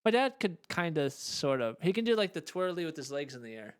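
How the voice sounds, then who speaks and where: A man's voice: fairly high pitch, very animated, a little fast, clean tone. A man co-hosting a podcast in casual chat, loosely trailing off mid-sentence. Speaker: podcast co-host.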